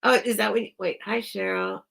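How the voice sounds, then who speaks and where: A woman's voice: mid-range voice, steady tone, a little fast, vocal fry, a bit bright. A woman hosting a casual live sale stream, chatting with viewers in a rambling, apologetic way and breaking off mid-sentence. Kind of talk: casual livestream chat.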